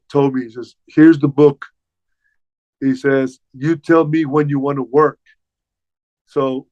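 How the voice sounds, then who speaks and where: An older man, a former wrestler, telling stories as an interview guest in a lively way, stumbling over and repeating his words. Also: medium pitch, no room sound. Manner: animated, repeats words while recounting past dialogue. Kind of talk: casual storytelling. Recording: dull, slightly muffled dry sound.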